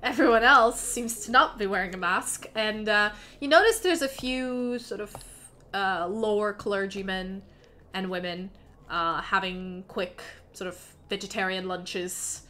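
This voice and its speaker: A woman's voice: medium pitch, unhurried, sharp tone. A woman narrating as game master of a tabletop fantasy game, chatty and given to laughing asides.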